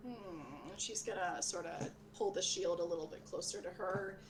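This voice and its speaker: A woman's voice: fairly low pitch, normal speed. Lady gm narrating a tabletop game, laid back, lots of ums, faint hiss. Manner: casual, filler-heavy, relaxed. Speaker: game master.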